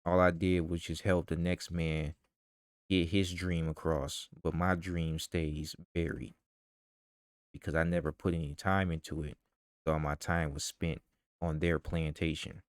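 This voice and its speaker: A man's voice: sits low, flat delivery, measured pace, clear, resonant tone, no room sound, studio quality. A man in a vlog ranting heatedly with profanity and rhetorical questions. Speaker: vlogger. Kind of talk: ranting commentary.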